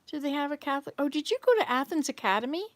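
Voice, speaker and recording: Chatty older woman, highish voice. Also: lively intonation, rapid-fire, no echo. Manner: chatty, rambling, answers viewers' comments. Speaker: livestream host reading chat. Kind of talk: casual live chat. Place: home, in Canada.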